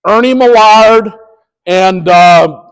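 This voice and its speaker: A man with a high speaking voice trains sports officials through a lively, acted-out story. He jumps into the scenes as he tells them. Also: takes it slowly, smooth, poor audio. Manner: animated, acts out scenes. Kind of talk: storytelling presentation.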